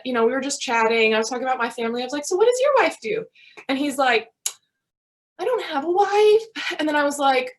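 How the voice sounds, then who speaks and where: A woman in her thirties, a family medicine physician giving a conversational teaching talk over a video call, often checking in with "right?". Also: a little high. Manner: conversational, frequent tag questions like "right?".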